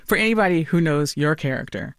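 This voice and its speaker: A woman interviewing two actresses about their show, friendly and quick to laugh. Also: low voice, animated, dry recording, clean studio sound.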